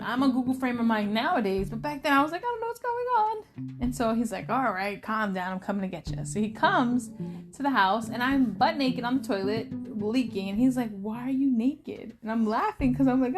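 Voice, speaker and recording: Animated woman vlogging over music. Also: fairly high pitch. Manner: animated storytelling, acts out quoted friends. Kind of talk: casual chat to camera. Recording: music playing behind her voice.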